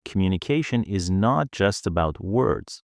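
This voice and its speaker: Slow, low-voiced male English teacher. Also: dry recording, clean studio sound. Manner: calm, explanatory, advice-giving. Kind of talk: scripted English lesson.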